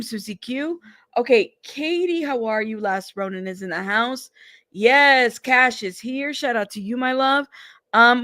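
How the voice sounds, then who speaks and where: A woman's voice: fairly high pitch, gravelly, a bit bright, dry recording. A woman hosting a casual livestream, chatty and greeting viewers one by one by name, whose first language is Spanish. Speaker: livestream host.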